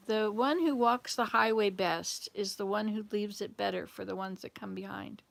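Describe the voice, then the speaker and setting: A woman's voice: mid-range voice, creaky, no room sound, lightly acted. A woman playing a solemn, wise king. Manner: slow, solemn pronouncement. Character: wise, generous old king.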